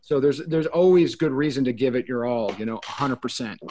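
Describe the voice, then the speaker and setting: A man co-hosting a casual talk show, speaking in an animated way and acting out the voices of people he quotes. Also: medium pitch, fairly quick, slight background noise. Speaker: co-host.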